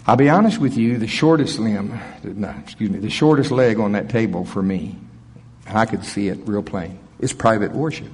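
A man preaching a sermon at a church service, animated, swinging from loud bursts to soft asides. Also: on the low side, moderate pace, slightly rough, big-room sound.

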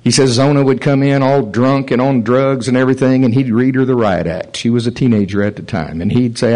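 A man's voice: medium pitch, brisk, few pauses, poor audio. Male preacher telling stories in a sermon. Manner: animated storytelling, chuckles at his own stories. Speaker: pastor.

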